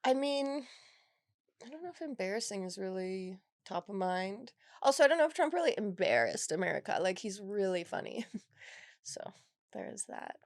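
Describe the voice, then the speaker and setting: A woman's voice: medium pitch, big pitch swings, normal speed, dry recording. A woman from Canada, a stand-up comedian chatting as a podcast guest, cracking dry, sardonic jokes. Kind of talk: casual chat.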